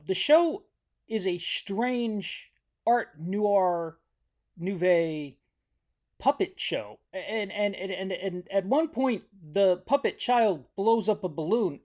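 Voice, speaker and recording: With a mid-range, darkish voice, a host retells a horror movie's plot from memory as a comedic recap. The telling rambles and jokes around, stumbling over words and correcting itself along the way.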